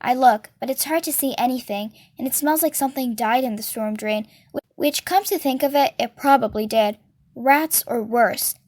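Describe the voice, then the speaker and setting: A woman reading a novel aloud as a storyteller, with steady and expressive delivery. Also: high voice, a little fast.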